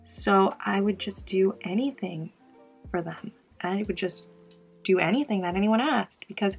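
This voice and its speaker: A woman's voice: mid-range voice, normal speed, slightly rough, faint music behind. A young woman vlogger talking candidly about her past while doing her makeup, in a casual get-ready-with-me chat. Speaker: beauty vlogger.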